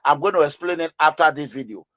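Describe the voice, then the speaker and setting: A man delivers heated online news commentary in an impassioned, pleading voice. He fills his speech with hesitations and repeats himself for emphasis. His fairly high voice is recorded close and dry. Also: fast, a bit bright, no room sound. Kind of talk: emotional video commentary.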